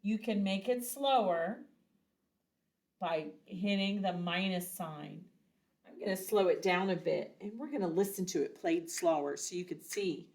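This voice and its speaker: A woman's voice: fairly low pitch, unhurried, darkish tone. A woman teaching a children's recorder lesson, patiently explaining and chanting rhythms aloud. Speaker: music teacher.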